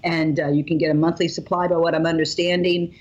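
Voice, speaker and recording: Woman on a call, gushing and emotional, low husky tone, muffled sound. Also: flat delivery, quick pace, a little mellow. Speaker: mother promoting a health product. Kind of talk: excited phone call.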